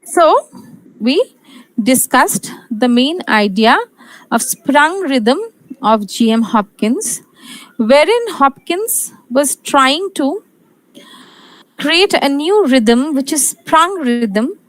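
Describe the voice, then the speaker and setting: A woman's voice: sits high, very animated, extremely slow, long pauses, no echo, rough recording. A woman from India giving an exam-prep literature lecture, repeating key points and asking and answering her own questions.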